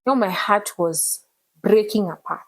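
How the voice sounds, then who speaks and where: A woman, telling her personal story in an emotional, animated way as an interview guest. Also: medium pitch, a little slow, poor audio. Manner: earnest, animated retelling with code-switching.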